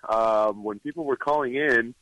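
A man calling into a radio show, telling a story in a halting way. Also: mid-range voice, fairly bright tone, no room sound, poor audio. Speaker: caller. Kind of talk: phone-in story.

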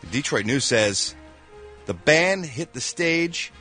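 Lively, animated male radio host. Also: medium pitch, faint music behind. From Philadelphia. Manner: animated, jokey, with quick sound-effect interjections. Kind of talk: morning radio entertainment news. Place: radio studio.

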